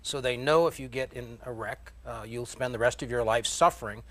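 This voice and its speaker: Male panelist, quick and matter-of-fact, mid-pitched. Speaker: panel guest. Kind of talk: panel talk show debate.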